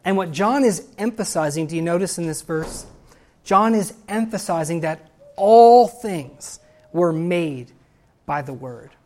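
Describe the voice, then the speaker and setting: A woman's voice: fairly low pitch, animated, unhurried. Emphatic woman preaching a sermon. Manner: emphatic, rising to loud exclamations; reads scripture and a hymn aloud.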